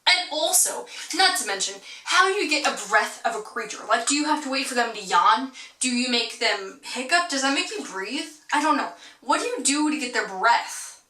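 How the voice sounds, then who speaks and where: A woman's voice: sits high, bright, forceful tone. A young adult woman vlogging in casual chat, rambling, giggly and playfully sarcastic. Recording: roomy echo, mic at a distance.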